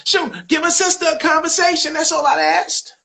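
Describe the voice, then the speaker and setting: A man's voice: very high voice, steady tone, moderate pace, gravelly, pushed and bright, pitched above the performer's own voice, heavily acted. A man voicing an indignant, proud woman comedian who scolds and protests in a sassy manner. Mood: aggrieved. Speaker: comedian doing impressions.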